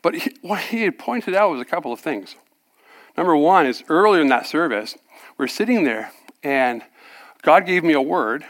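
A man preaching a sermon, telling his own story with lively acted-out dialogue and frequent laughter. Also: fairly high pitch, moderate pace. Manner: animated storyteller, acts out dialogue, laughs often. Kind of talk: sermon testimony.

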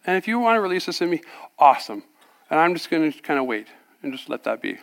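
Animated man telling a personal testimony. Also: a little high, quick pace, vocal fry. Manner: animated storyteller, acts out dialogue, laughs often. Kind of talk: sermon testimony.

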